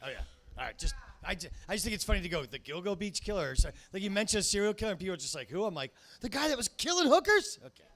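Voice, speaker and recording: A man hosting a comedy show, with a loud, crude, rowdy delivery. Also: sits high. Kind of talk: stand-up emceeing.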